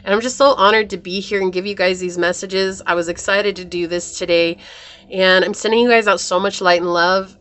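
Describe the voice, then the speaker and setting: A woman's voice: mid-range voice, steady tone, fairly quick, fairly bright tone. A woman giving a pick-a-card tarot reading to her viewers in a chatty, upbeat way. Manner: chatty, upbeat, addresses viewers as you guys. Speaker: tarot reader.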